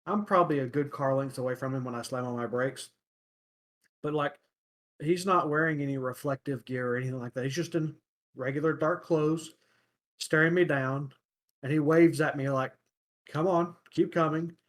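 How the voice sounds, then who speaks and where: A young man hosting a casual podcast chat, telling everyday stories in a halting way, often pausing to search for words. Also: mid-range voice, a bit bright. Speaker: podcast host.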